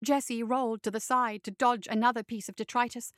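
A woman narrating a fantasy story aloud in a steady reading voice. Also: on the high side, fairly quick, no room sound, clean studio sound.

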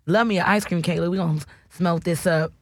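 Woman hosting a weed radio show, loud and cussing a lot, hyped up, just chatting. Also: fairly low pitch, fairly even intonation, brisk, slight background noise. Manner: loud, profane, hyped, playful. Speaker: podcast host. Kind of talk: casual radio show chat.

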